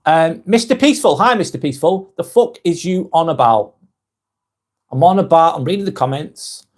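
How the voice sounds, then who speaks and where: A man hosting a live vlog, chatting casually and reading viewers' comments aloud, with frequent "um"s and quick apologies. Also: a little high, animated. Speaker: live-stream host.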